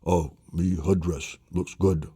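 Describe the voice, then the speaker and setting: A man doing a smug, low-voiced boaster. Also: steady tone, slow pace, warm tone, slightly rough, dry recording, studio quality, heavily acted.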